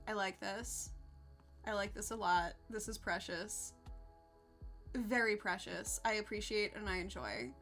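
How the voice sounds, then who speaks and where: A woman's voice: mid-range voice, unhurried, fairly bright tone, faint music behind. A woman streaming live, chatting casually to her viewers, sarcastic, laughing often and swearing freely. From United States.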